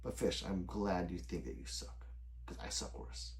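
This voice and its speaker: A man's voice: deep voice, expressive, moderate pace, gravelly. A middle-aged man hosting a casual late-night livestream, reading chat aloud and answering viewers by name, rambling loosely and swearing often.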